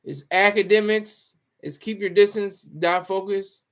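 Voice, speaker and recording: A man's voice: high voice, a little slow. A man hosting his own livestream, chatting casually, joking and talking to his viewers. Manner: chatty, joking, talks to chat. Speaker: livestream host. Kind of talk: casual commentary.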